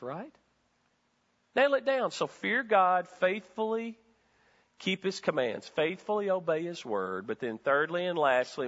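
A man preaches a sermon in a church with a bright, forceful voice that sits a little high. His delivery is animated, climbing to loud bursts and then sinking into hushed, low-voiced stretches. The sound is dull and rings with a long hall reverb. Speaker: pastor. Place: church sanctuary.

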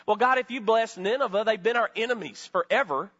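A man's voice: sits high, a little fast, a bit bright, lo-fi sound. A middle-aged man preaching a sermon as pastor, full of rhetorical questions and calls to the congregation.

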